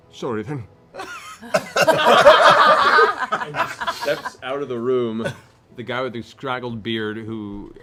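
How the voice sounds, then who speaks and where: A man narrating a tabletop game as game master, describing the scene in halting, searching phrases. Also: lowish voice, a bit bright.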